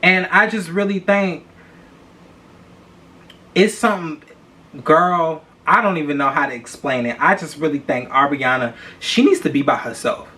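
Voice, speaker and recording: A young man hosts a casual celebrity gossip podcast. He talks in a blunt, profane, animated way and hammers his points home by repeating himself. His voice is bright and forceful and sits fairly high for a man. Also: normal speed. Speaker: podcast host.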